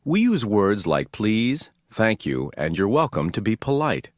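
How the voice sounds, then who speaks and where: A man giving scripted textbook narration in a slow, demonstrative teaching manner. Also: on the low side, very animated, no echo, clean studio sound.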